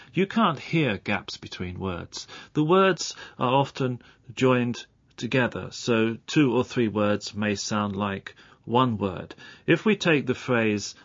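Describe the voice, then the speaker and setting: A man explaining English pronunciation as a radio guest, speaking clearly and carefully and saying example sounds out slowly. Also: medium pitch, dry recording. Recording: dull lo-fi broadcast audio.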